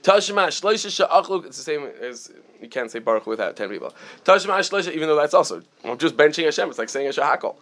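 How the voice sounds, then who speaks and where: A man's voice: on the high side, very animated, fast, fairly bright tone. A man giving a Talmud lesson, reading Aramaic lines and then explaining them in plain English with many fillers and restarts. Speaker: Talmud teacher. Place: Chicago area.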